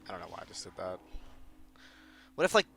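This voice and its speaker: A man's voice: deep voice, very animated, quick pace, vocal fry, a bit bright. A man playing a game while chatting with a friend, joking and swearing casually. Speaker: player. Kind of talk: casual gaming commentary.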